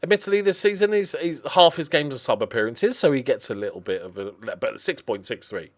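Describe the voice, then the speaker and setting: A man talks through his video game season in a loose, chatty way. He fills his sentences with ums and likes and often stops to restart them. His pitch sits in the ordinary middle range for a man. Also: fairly quick. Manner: chatty and animated, with lots of fillers. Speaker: gaming commentator. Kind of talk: casual video game commentary.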